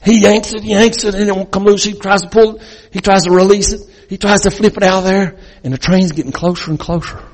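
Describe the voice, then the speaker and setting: A man preaching as a guest speaker, telling a dramatic story that swings between loud and hushed. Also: sits high, fairly even intonation, quick pace, few pauses. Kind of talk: sermon storytelling. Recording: long reverb in a large hall.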